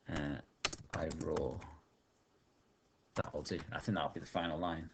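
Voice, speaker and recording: Male teacher, low voice, slow think-aloud dictation at the keyboard. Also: level tone, vocal fry, noisy background. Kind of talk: online writing lesson while typing.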